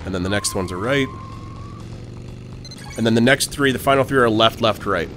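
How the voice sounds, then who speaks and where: A lower-voiced man riffing through a game playthrough, cracking jokes, swearing freely and breaking into loud laughs. Faint music plays behind him. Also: normal speed. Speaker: co-host guiding a video game playthrough. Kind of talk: casual gaming commentary.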